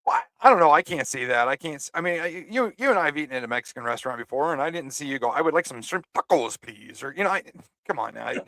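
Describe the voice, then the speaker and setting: Male co-host, fairly high voice, stop-start chatty delivery, dry close mic. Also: lively intonation, sharp tone, no room sound. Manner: halting, repeats words. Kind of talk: casual podcast commentary.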